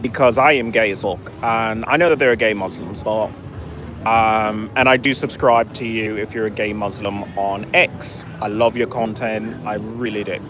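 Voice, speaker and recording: A man's voice: on the low side, steady tone, moderate pace, background noise. A man telling a story in a profane, sarcastic rant, outdoors in a city. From United States. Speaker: vlogger. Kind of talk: casual ranting storytelling.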